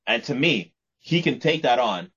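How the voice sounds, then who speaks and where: On muffled, lo-fi podcast audio, this male co-host chats casually and animatedly, rambling and often repeating and restarting words. His voice is medium-pitched, fairly bright and slightly rough, at normal speed.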